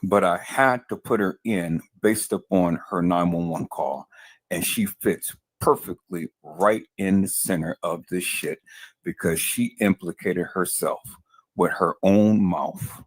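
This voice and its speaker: A man's voice: deep voice, measured pace, dry recording. A man hosting a livestream, talking angrily to his viewers in a heated commentary full of repeated words and exasperation. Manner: furious, repeats himself, addresses viewers as peoples. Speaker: livestream host.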